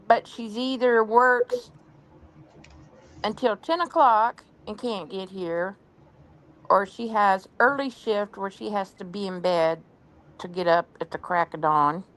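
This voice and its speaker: A woman's voice: medium pitch, animated, slow, pauses often, fairly bright tone, low-quality recording. A woman co-hosting a casual crafting chat, explaining things in a matter-of-fact way. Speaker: co-host.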